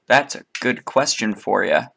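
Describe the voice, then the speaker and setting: A man narrating as dungeon master in a casual tabletop game, talking in a loose, halting way with fillers. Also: medium pitch, vocal fry, bright, forceful tone, husky.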